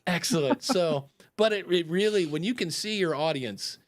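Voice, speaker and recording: A man's voice: a little high, expressive, normal speed. A man, a podcast coach hosting a live advice chat, rambling and acting out example announcements.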